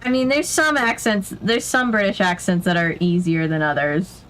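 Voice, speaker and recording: A woman's voice: mid-range voice, moderate pace, fairly bright tone, slight background noise. A woman chatting casually while playing a video game, laughing often. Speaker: podcast co-host. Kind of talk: casual chat while gaming.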